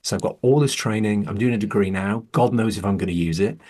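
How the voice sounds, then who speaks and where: A man's voice: on the low side, fairly quick, darkish tone. A man, hosting a podcast and talking candidly and earnestly, swearing when heated. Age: 40s. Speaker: podcast host. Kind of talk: candid casual conversation.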